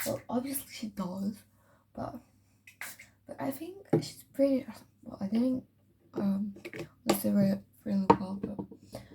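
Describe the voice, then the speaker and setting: A woman's voice: on the high side, gravelly, mellow, a little hiss or hum, poor audio. A teenage girl from France with a slight French accent, chatting casually and rambling while doing her night skincare, often slipping into a whisper. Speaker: vlogger. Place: home bathroom.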